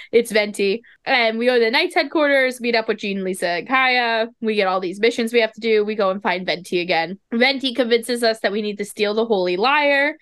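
A woman with a fairly high voice, chatting casually as a podcast co-host. She talks loosely and leans on "like" as filler. The recording is dry and close. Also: a bit bright, clear, resonant tone, dry recording. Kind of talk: casual chat.

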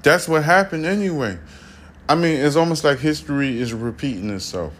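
A man's voice: on the high side, normal speed. A man hosting a podcast, ranting casually with heavy swearing and slightly slurred, tipsy speech. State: slightly drunk. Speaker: podcast host. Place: studio room behind glass.

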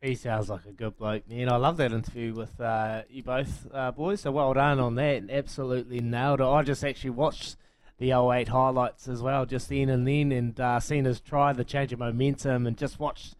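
Relaxed New Zealand man on sports radio. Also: medium pitch, normal speed. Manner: relaxed, friendly, uses "mate" and "bloke".

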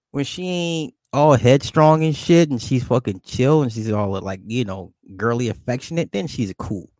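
A man hosting a livestream, answering viewers' questions in a loose, profane, rambling way and jumping up in pitch when he greets people. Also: a little mellow, dry recording. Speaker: livestream host reading chat. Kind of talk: casual livestream chat.

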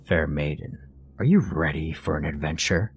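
A man's voice: very deep voice, normal speed, slight background noise, pitched below the performer's own voice. A man doing a playful hammy pirate voice. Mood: mock-grand. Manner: theatrical, mock-grand.

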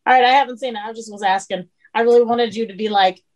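A woman's voice: a little high, fairly even intonation, quick pace. A woman guest in casual chat, playful and teasing as she tells stories about her kitchen job. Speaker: guest, cook.

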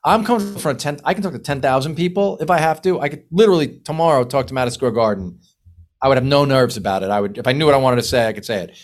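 A man talking as a podcast guest, telling stories in an animated way, with lots of restarts and casual swearing. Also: mid-range voice, racing. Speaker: guest screenwriter and producer.

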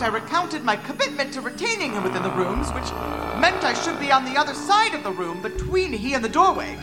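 Fields: expressive woman narrator over music. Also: mid-range voice, low-quality recording. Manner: expressive storytelling. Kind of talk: first-person dramatic narration. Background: background music.

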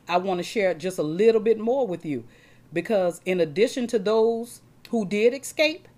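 A woman's voice: lowish voice, darkish tone. A woman preaching a sermon, repeating words as she talks and checking in with her congregation.

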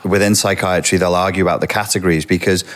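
A man's voice: deep voice, fairly even intonation, fast. A middle-aged man, an expert guest in an interview, explaining earnestly and speaking straight to the viewers.

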